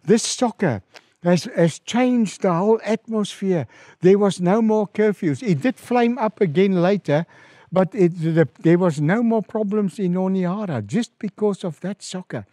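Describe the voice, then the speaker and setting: Middle-aged south african guy, pastor telling war stories, mellow voice, pitch goes way up when he acts out the quotes, dry close mic. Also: a little slow, no echo. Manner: animated storyteller, rises in pitch and volume acting out quoted calls. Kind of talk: storytelling in an interview.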